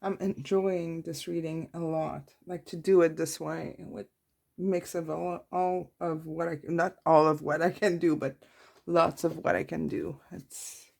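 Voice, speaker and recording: A woman giving a tarot reading, talking softly and slowly as she reads out card messages to her viewers. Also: low voice, level tone, creaky. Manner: soft, warm-hearted, reads card messages aloud. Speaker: tarot reader. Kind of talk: slow, intimate tarot reading.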